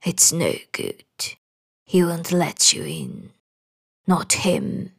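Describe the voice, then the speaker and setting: A woman voicing a gruff, rude old male guide who answers in curt, muttered replies. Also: lowish voice, wildly swooping pitch, extremely slow, exaggerated voice.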